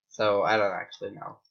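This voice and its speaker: Bright-voiced rambling American man. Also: fairly low pitch, creaky, muffled recording. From United States. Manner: rambling, chatty tangents. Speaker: gaming YouTuber. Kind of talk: casual gameplay commentary.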